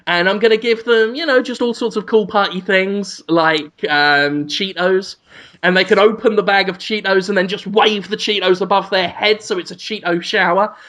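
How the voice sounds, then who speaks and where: Man podcast co-host, deadpan rambling storyteller, ums a lot. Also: high voice, moderate pace. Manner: rambling, deadpan absurd scenario-spinning with frequent ums.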